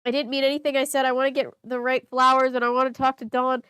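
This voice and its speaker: A woman's voice: mid-range voice, fairly even intonation, fast, clear, resonant tone, no room sound, studio quality, close to an everyday voice. A woman reading as a grieving, hot-tempered teen girl. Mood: remorseful. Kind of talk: reading a novel aloud.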